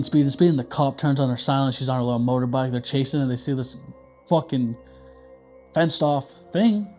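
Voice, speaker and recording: A man's voice: medium pitch, dull audio. A man hosting a casual movie review, joking and swearing freely. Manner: profane, joking, animated.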